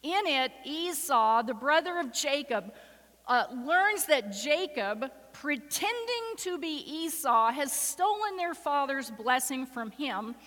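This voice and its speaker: A woman's voice: sits high, big pitch swings, slow, a bit bright. A woman pastor preaching a sermon and reading scripture aloud, voicing the characters with rising emotion. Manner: acts out the voices in the story with rising emotion. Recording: reverberant hall.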